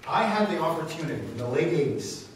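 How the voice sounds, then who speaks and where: A man with a slightly high voice speaks to a room and tells stories with rising passion, often pushing into loud exclamations. His voice reaches the mic from far off. It booms around a very echoey hall over a faint hiss. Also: big pitch swings, quick pace. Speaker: radio talk show host. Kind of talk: speaking to a meeting, answering questions. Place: meeting room.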